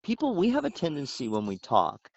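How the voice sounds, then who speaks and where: A man's voice: a little high, huge pitch swings, brisk, creaky, a little mellow, muffled recording, a little hiss or hum. Chatty guy cohosting a laid back talk show, laughs a lot, voice bounces around. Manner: chatty, laughs often, wordy. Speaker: podcast co-host. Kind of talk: casual chat.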